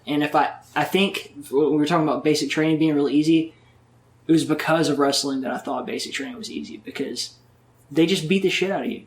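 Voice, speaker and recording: A man with a somewhat high voice, talking casually as a guest on a podcast. He swears freely and rambles from one story to the next. The recording carries a noticeable roomy echo. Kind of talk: casual interview chat.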